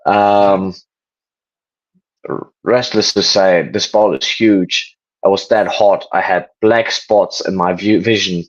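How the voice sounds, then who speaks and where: A German-born man speaks in English in a relaxed interview, his voice sitting low. He wanders through long stories, restarting sentences and filling pauses with ums. The recording sounds dull and lo-fi. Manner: rambling storyteller, many ums and restarts. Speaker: guest. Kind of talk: casual interview.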